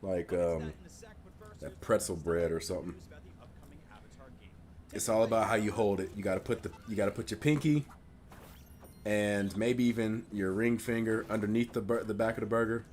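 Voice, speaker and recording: A man with a very deep voice chatting casually and rambling as he reacts live to a game showcase. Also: normal speed, pauses often, a little mellow, slight background noise. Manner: rambling, laughs often, many "like" fillers.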